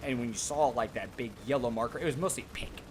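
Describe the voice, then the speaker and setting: A man's voice: medium pitch, fast, background noise. A man in his thirties chatting casually while streaming a game, rambling, swearing often and talking to his chat. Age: 30s. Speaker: gaming streamer.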